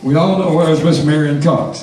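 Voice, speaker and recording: An older man from the who rambles through anecdotes for a live audience, clearing his throat often. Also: on the high side, fairly even intonation, moderate pace, crowd noise. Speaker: guest storyteller at a fan reunion. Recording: echoey hall from far off, faint noise.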